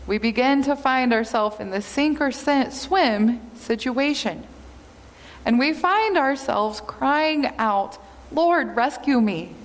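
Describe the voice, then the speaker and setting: A woman pastor giving an earnest, measured sermon in a church. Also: a little high. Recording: long hall reverb.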